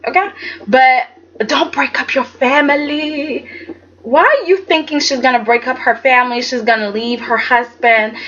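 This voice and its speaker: A woman reviewing a soap opera episode in casual chat, animated and chatty, acting out quotes in dramatic voices. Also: high-pitched. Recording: dull lo-fi sound with faint background noise.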